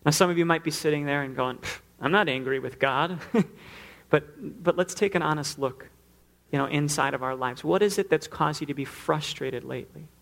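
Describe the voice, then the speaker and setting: A man's voice: fairly high pitch, normal speed, creaky, fairly bright tone. A man preaching a sermon, earnest, now and then acting out the pleas he quotes. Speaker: pastor.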